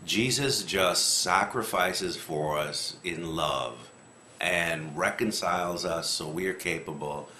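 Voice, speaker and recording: A man casually talking through a Bible passage, rambling a little and acting out the quotes with lively rises in pitch. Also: slow pace. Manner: animated, acts out quotes with rising pitch, rambling. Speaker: lectionary commentator. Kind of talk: casual scripture discussion. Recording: echoey room, faint noise.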